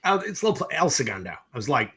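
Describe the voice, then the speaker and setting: A middle-aged man, a film director from the US East Coast, telling stories in a casual interview, animated and profane, acting out both sides of the conversations. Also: mid-range voice, very fast, breathy edge.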